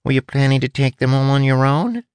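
A man's voice: mid-range voice, lively intonation, fairly quick, a little mellow, clear, resonant tone, dry recording, pitched above the performer's own voice, natural voice. A man voicing a wry, chatty male rat in a storybook, his voice pinched and squeezed. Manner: teasing, chatty.

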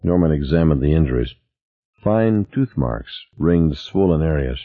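A man reading a novel aloud as narrator, in an expressive style. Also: very deep voice, measured pace, no echo. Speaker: audiobook narrator. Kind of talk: scripted narration. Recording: dry, tinny phone-like sound.

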